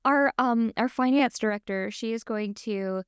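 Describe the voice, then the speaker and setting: A woman's voice: fairly high pitch, unhurried, clear, resonant tone, no echo, studio quality. A young American woman co-hosting a podcast, telling stories in a chatty way full of "like". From United States. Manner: chatty storyteller, lots of "like". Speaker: podcast co-host. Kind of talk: casual chat.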